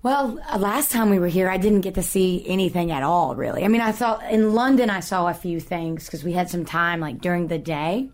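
A woman's voice: fairly low pitch, fairly quick, hardly any pauses. A woman chatting as a guest musician in a casual interview, giggly and playful. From United States. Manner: giggly, laughs often, playful.

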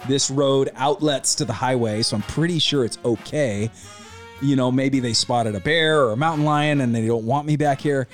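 A man hosting a podcast, telling a story in a laid-back, slangy way with lively energy. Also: mid-range voice, moderate pace, faint music behind. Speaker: podcast host. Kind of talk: casual storytelling.

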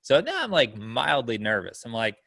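A man telling a story in loose, casual conversation, full of fillers and asides. His voice is mid-pitched and plain, and it sounds dry and close with no room echo. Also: huge pitch swings, normal speed, creaky, pushed and bright. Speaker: storyteller guest. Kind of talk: casual chat.

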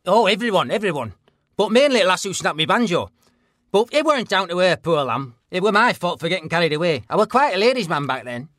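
An actor playing a blunt, deadpan middle-aged northern English ex-stalker, in a mock documentary interview. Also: male voice, sits high, fast talker, no echo, clean studio sound. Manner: deadpan, blunt, plain-spoken.

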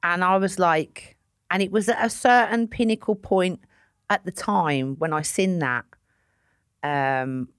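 A woman with a low voice talks in a loose, casual interview. She is blunt and swears freely, poking fun at herself as she goes. The sound is dry and close. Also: a little slow, clear, resonant tone, no room sound. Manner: blunt, sweary, self-mocking. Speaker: interview guest, comedian. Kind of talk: casual chat.

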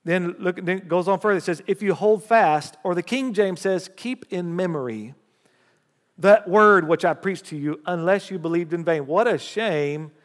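A man preaching a sermon, reading scripture aloud with rising emphasis and lively call-and-response asides to the congregation. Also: high voice, normal speed. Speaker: pastor. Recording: long hall reverb.

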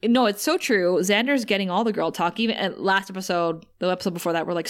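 A woman's voice: mid-range voice, fast. A woman co-hosting a podcast, chatting casually about a TV show and laughing often. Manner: chatty, laughs often, acts out characters' lines. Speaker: podcast co-host. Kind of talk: casual TV recap chat.

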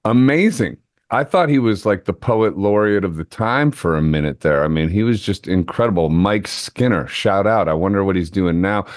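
A man's voice: deep voice, normal speed, no echo, studio quality. A man hosting an interview show, chatting in a playful, rambling way that jumps between tangents. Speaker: show host. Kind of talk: casual interview chat.

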